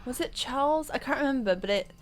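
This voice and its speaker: This woman speaks fast in a high, expressive voice, with a slight hiss or hum on the recording. She's a let's play gamer offering loose, rambling commentary as she plays, accompanied by game music and horse hooves.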